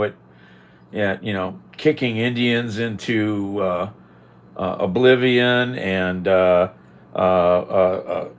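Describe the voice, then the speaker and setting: A man vlogging, giving casual rambling commentary with a mocking edge and many fillers. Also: mid-range voice. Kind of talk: casual commentary while cooking.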